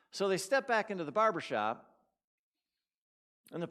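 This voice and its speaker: A man's voice: on the high side, lively intonation, fairly quick, pauses often, sharp tone. A man giving a sermon in a church, telling a story conversationally and putting questions to the congregation. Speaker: guest speaker at a spiritual community.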